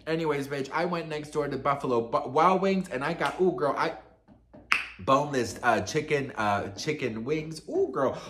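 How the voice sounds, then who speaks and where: A man's voice: on the high side, pushed and bright. A man giving a casual celebrity gossip vlog, sassy and dramatic, swearing often and rambling as he tells his story. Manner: rambling, loses his train of thought.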